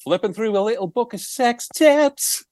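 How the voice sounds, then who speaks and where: A man impersonating a laid-back male rock singer with a put-on northern English accent and a slow, mumbling drawl. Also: very high voice, animated, darkish tone, no room sound, clean studio sound, voice pushed up. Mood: drawling apology.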